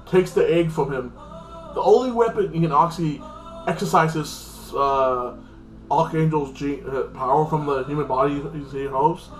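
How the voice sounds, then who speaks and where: Reviewing a TV episode for his channel, this man rambles through a casual spoken recap, leaning hard on words like "like" and "freaking." He talks at normal speed in a slightly high voice. There's an echo in the room and quiet music in the background.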